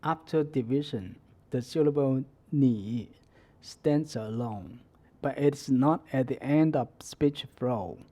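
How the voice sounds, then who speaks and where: A man gives a language lesson at a very slow, careful pace. His voice is dark and a little husky. He lays out each rule step by step and models words for repetition. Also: medium pitch. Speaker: Chinese language teacher. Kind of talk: slow instructional explanation.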